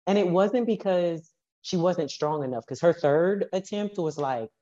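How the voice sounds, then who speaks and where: Low-voiced woman telling animated coaching stories. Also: a little slow, highs cut off. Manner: animated, acts out quoted dialogue. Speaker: powerlifting coach and guest. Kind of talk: casual storytelling interview.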